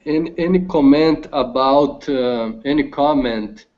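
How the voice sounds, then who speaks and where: Slow, halting man reading aloud. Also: mid-range voice, darkish tone. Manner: halting, restarts words, careful slow reading. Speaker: language student. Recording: dull lo-fi call audio.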